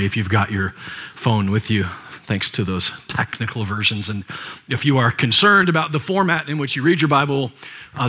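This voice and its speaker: A male pastor delivering a sermon with a bright, forceful tone. He talks to the congregation in a relaxed, conversational way, with playful jokes between scripture readings. His voice sits at a middle pitch for a man. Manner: conversational, joking asides to the congregation; reads scripture aloud with commentary.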